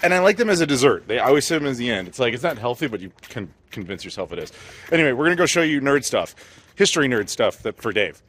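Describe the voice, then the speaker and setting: Man, vlog host, quick talker, sharp bright tone, joking casual chat. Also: mid-range voice, big pitch swings, slight background noise. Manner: joking, self-mocking.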